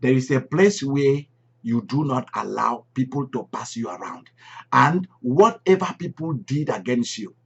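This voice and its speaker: Man preaching, emphatic and repetitive, husky voice, muffled lo-fi audio. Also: mid-range voice, expressive, unhurried. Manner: emphatic, repeats key phrases, swings loud and soft. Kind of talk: sermon. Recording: dull lo-fi recording.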